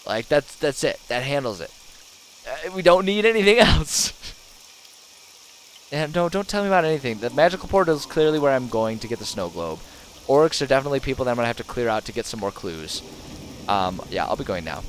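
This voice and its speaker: Sarcastic guy streaming a game from home, super animated, laughs a lot, voice jumps all over. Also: medium pitch, fairly quick, slight background noise. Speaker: gaming streamer. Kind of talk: casual let's-play commentary.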